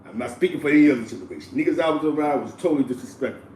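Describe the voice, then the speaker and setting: A man hosting street commentary, profane and animated, laughing often. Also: fairly high pitch, very fast, reverberant, far from the mic, slight background noise, low-quality recording. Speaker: commentary host.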